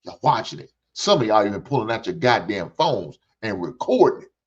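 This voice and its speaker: A man's voice: fairly low pitch, very animated, fairly quick, slightly rough. An older man hosts a reaction show, ranting bluntly with lots of profanity and preaching in repeated phrases. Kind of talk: ranting commentary. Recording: dull lo-fi recording.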